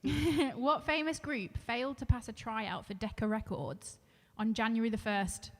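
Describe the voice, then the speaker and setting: A woman's voice: on the high side, fairly even intonation, normal speed, big-room sound. A woman co-hosting a live music stream, chatting casually, giggling and reading viewer comments aloud. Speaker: singer and co-host. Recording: loud music in the background.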